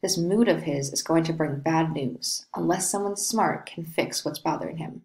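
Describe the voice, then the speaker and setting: A woman's voice: low-pitched, moderate pace, hardly any pauses, a little mellow. A woman reading stage directions and narration of a play in a plain, matter-of-fact way. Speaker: reader.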